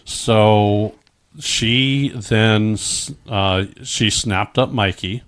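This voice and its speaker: Man, lowish voice, podcast guest, casual storytelling, frequent restarts. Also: drawn-out words, a bit bright, clean tone. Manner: recounts events with frequent restarts and quoted exchanges.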